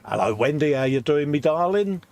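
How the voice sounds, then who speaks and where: A man's voice: fairly high pitch, normal speed. A middle-aged British man co-hosting a casual live stream, greeting viewers and reading their messages in an easygoing, chatty way. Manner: relaxed, chatty, reads viewer messages aloud with friendly greetings. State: a bit subdued after a hospital visit.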